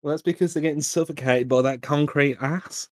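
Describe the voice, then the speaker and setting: A man's voice: a little high, fairly even intonation, a little fast, dry recording, clean studio sound. Joking British man on a podcast. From United Kingdom. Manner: joking, swearing, mock robot voices. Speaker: podcast co-host. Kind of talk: casual podcast chat.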